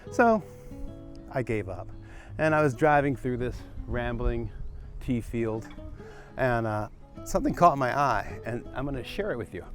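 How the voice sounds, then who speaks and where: A medium-pitched man from the United States strolls through the countryside's rural streets and tea fields, narrating a casual vlog to the camera. He is a little slow, relaxed and musing, with long pauses, and background music plays behind him.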